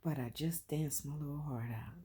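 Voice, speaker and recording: This vlogger, a woman with a low and husky voice, talks heartfelt at a moderate pace in an emotional personal vlog. She moves between quiet moments and loud, emphatic ones, and she repeats phrases.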